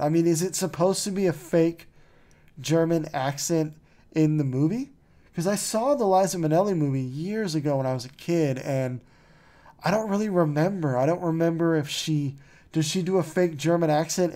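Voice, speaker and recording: A man hosting a podcast in an easygoing, rambling chat, his voice mellow and dark-toned. He drifts between thoughts with plenty of "like" and "you know" and tosses in dry, mocking asides. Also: fairly high pitch. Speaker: podcast host. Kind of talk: casual chat.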